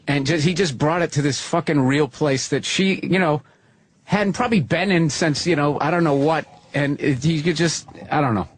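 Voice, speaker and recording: A man telling profane, animated stories in casual chat. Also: a little high, normal speed, breathy edge. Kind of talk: casual storytelling.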